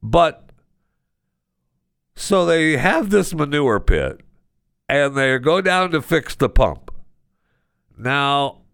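A male radio host tells a story with wide swings in pitch, his gravelly voice still smooth and resonant. He jokes as he goes. The studio sound is close and dry. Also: very slow, pauses often, no room sound. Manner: animated storytelling, joking. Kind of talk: casual chat.

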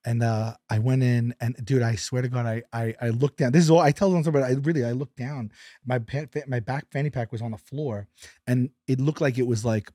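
A man telling a story as a podcast guest, animated, acting out his quotes and sometimes dropping to a whisper. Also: mid-range voice, brisk, no room sound, clean studio sound. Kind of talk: casual storytelling.

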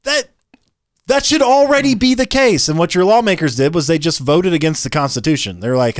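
Man, political podcast co-host, lively swinging pitch, slightly high, incredulous, dry sound. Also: brisk, no echo. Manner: animated, incredulous, joking. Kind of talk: political commentary chat.

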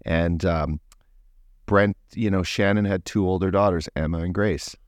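A man from Canada in his forties, a former hockey player co-hosting a podcast, telling stories in a relaxed, rambling way. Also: low voice, unhurried, dry recording, studio quality. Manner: relaxed, rambling, lots of "you know" fillers. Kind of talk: casual storytelling chat.

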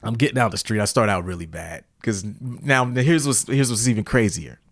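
A man casually telling a story, animated, laughing often and talking in loose slang. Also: fairly low pitch, normal speed, gravelly, no room sound, studio quality.

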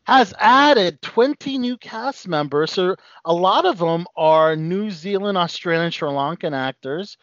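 Male host, lively pitch, slightly high, dry dull lo-fi sound, casual news chat. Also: measured pace, few pauses, dry recording. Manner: animated, reads news items with laughs.

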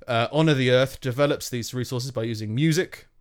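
A man's voice: medium pitch, brisk. A man co-hosting a podcast in casual chat, sarcastic and swearing, often laughing while mocking what he reads out. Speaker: podcast co-host.

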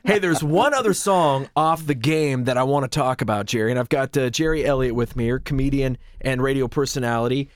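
A man, a radio host telling stories in casual podcast chat, lively and swearing freely. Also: medium pitch, brisk, hardly any pauses, no room sound, clean studio sound. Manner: animated storyteller, swears freely.

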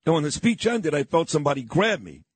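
A man's voice: on the high side, big pitch swings, fast talker, husky, no room sound. An older man from New York hosting a morning radio show, telling a story in an emphatic, boastful way.

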